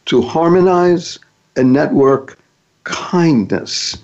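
A man's voice: fairly high pitch, expressive, normal speed, darkish tone, dull audio. A man hosting a podcast, giving an upbeat, emphatic motivational talk that builds up to introducing his guest. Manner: upbeat, emphatic, playful acronyms. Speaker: podcast host.

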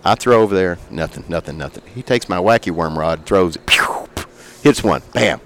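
A middle-aged man, a fishing guide who makes flies, telling a lively story in a casual interview and making sound effects as he talks. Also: low-pitched, moderate pace, a little hiss or hum. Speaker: fishing guide and fly maker.

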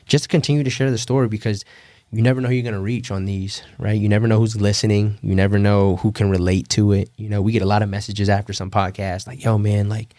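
Young man, podcast guest, low voice, dry close sound, animated, swears freely. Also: fast, no echo. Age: young adult. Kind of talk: casual podcast conversation.

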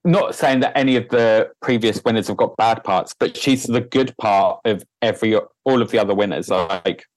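A man's voice: on the low side, moderate pace, few pauses, no echo, poor audio. A man as a podcast guest in casual chat, cheeky with bawdy jokes.

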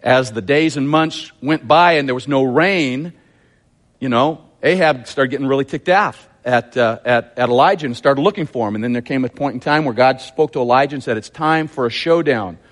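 A man preaching a sermon, retelling a scripture story with lively, acted-out quotes. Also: medium pitch, normal speed. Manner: animated, acts out quotes in a raised voice. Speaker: pastor.

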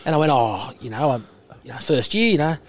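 An Australian man in his forties spins a story, his voice sitting a little higher than most men's. He talks in a relaxed, chatty way. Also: brisk, heavy background noise. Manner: animated anecdote-telling, gets louder and higher imitating others. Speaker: guest, former rugby prop. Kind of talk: casual podcast chat, storytelling.

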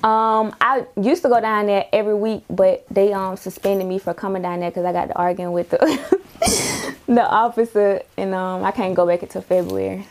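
A woman's voice: mid-range voice, moderate pace. A young woman rapper talking in a casual interview, telling stories in a laid-back way with slang and laughter.

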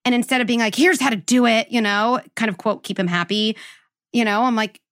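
A woman's voice: on the high side, a little fast, fairly bright tone. A woman hosting an interview as a parenting psychologist, explaining her ideas emphatically with lots of "like" and "right?". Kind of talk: interview conversation.

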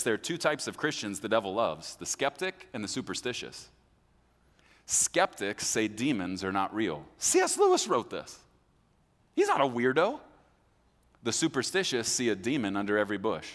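A male pastor delivers a conversational sermon, his pitch swinging up and down as he acts out the voices of his listeners. His voice carries a long reverb from the church hall he speaks in. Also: a bit bright.

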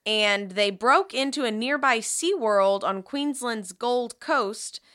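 Bright-voiced woman telling a story. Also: fairly high pitch. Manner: joking, swears freely, tells the story in rushed bursts. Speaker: podcast co-host. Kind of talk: casual chat, storytelling.

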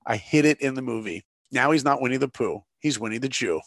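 Gravelly-voiced man telling stories. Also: medium pitch, brisk, no room sound, studio quality. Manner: animated, emphatic storyteller. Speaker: guest storyteller. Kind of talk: storytelling interview.

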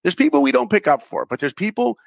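Gravelly animated storyteller man. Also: high voice, fast, no echo. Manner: animated, acts out dialogue in his stories. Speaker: guest animator and director. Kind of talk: conversational storytelling.

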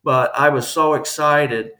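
A man, a guest on an interview podcast, telling a personal story in an earnest, halting way with many restarts. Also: a little high, steady tone, bright, forceful tone.

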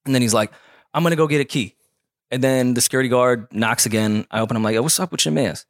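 Fast-talking man telling a profane story. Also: medium pitch, no echo, studio quality. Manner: animated, profane, acts out the people in his story. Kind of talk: casual storytelling chat.

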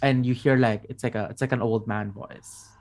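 A man narrating a tabletop game as game master, halting and restarting as he describes the scene. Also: medium pitch, fairly even intonation, darkish tone.

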